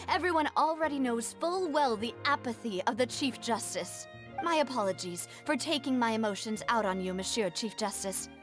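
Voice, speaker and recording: An actress voicing a proud, hurt young noblewoman in a game, speaking in a cool, formal, slightly bitter way. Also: sits high. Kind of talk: game voice acting.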